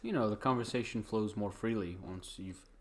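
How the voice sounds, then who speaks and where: A man co-hosts a podcast, chatting casually and rambling with plenty of fillers. His voice is fairly low in pitch, and he speaks at a moderate pace.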